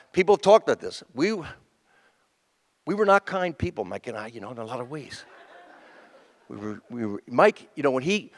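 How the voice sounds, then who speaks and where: A man in his fifties, a comedian telling rambling stand-up stories at a memorial tribute on a stage, acting out the people in them. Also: medium pitch. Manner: rambling, animated, acts out quoted voices. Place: stage in front of a live audience.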